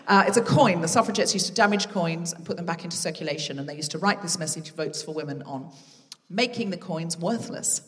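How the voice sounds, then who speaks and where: A woman's voice: fairly low pitch, fairly quick, few pauses, far from the mic. Woman comedy host on stage, playful banter with the crowd; live reverberant hall, off-mic feel. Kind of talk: live stand-up crowd work. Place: large theatre with a live audience. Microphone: stage microphone.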